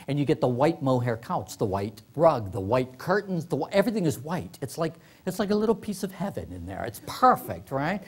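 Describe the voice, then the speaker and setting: In a library meeting room, a middle-aged author giving a workshop talk tells comic stories to a live audience, laughing often and acting out quoted voices. His medium-pitched voice is sing-song, slightly rough and fairly quick, with few pauses.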